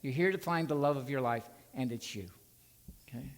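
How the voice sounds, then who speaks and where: A man's voice: mid-range voice, normal speed, big-room sound. A male minister preaching in a church sanctuary, folksy and coaxing, leading the congregation in call and response. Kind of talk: sermon with congregational singing.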